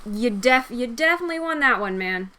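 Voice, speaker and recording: A woman with a slightly high voice chats casually as she co-hosts a drawing session. She sounds playful and teasing, quick to find things funny. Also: expressive, bright, forceful tone. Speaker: co-host. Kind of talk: casual chat while drawing.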